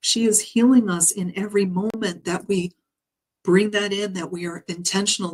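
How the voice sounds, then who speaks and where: A woman who works as a spiritual healer, passing on meditation messages in a gentle, halting way with frequent pauses and fillers. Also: fairly low pitch, breathy edge, low-quality recording. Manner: gentle, halting, with frequent ums and soft laughs. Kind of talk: guided meditation message reading. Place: home live stream.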